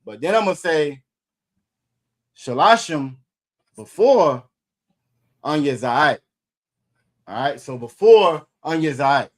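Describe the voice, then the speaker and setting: Man, slightly high voice, casual language lesson, repetitive, many fillers. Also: expressive, slow pace, pauses often. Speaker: Hebrew language teacher.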